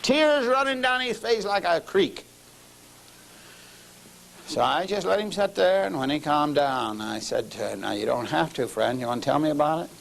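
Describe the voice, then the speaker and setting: A preaching man, his voice sitting a little high for a man. He tells his story in a sermon, sinking to quiet low lines and then lifting into emphatic passages. Middle-aged and practiced at the pulpit. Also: animated, moderate pace, gravelly, a little hiss or hum, poor audio.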